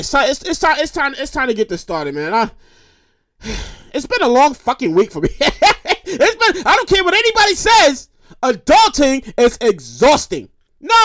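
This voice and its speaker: A woman in her thirties hosting a casual solo podcast, animated and profane, repeating phrases for emphasis. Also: high-pitched, dry recording, clean studio sound. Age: 30s. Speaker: podcast host.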